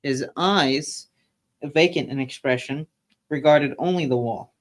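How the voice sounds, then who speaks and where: A man reading a classic story aloud on a casual live stream, taking long old-fashioned sentences at a steady, measured pace. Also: a little high.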